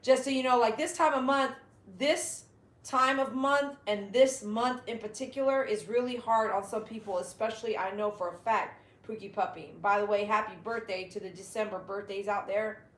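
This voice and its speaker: A woman's voice: medium pitch, normal speed, fairly bright tone, echoey room. A woman hosting a casual livestream from home. She chats to her dogs and reads viewer comments aloud. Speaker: dog groomer and livestream host.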